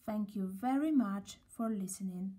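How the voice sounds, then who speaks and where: A woman reading a children's story aloud, gently and at a slow, storybook pace. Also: mid-range voice.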